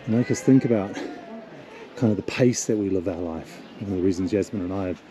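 A man hosting a travel vlog outdoors in a mountain town, speaking in a reflective, softly awed way as he leads a tour. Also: low-pitched, fairly quick, background noise. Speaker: tour leader and vlog host. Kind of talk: casual travel vlog narration. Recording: outdoor street crowd behind.

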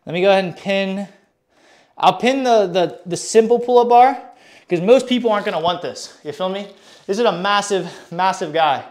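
Pitched high with a darkish tone and a moderate pace, a male fitness streamer chats with his audience mid-workout on a live stream. He's out of breath, hyped and slangy, and reads the chat aloud as he goes.

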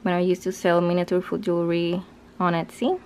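A woman's voice: lowish voice, flat delivery, brisk, darkish tone, clear, resonant tone. A woman casually narrating a tour of her home craft studio, chatting loosely with fillers and restarts.

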